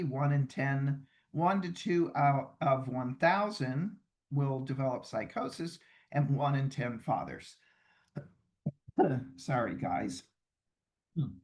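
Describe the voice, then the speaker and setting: A man presenting an online training lecture from a hotel room over a video call, chatty and emphatic, often acting out what mothers say. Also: mid-range voice. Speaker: webinar presenter.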